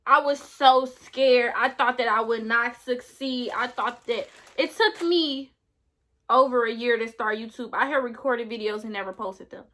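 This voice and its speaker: Bright high-voiced woman vlogger. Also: a little slow. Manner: earnest, gushing, talks straight to viewers. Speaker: beauty YouTuber. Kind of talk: casual vlog to camera.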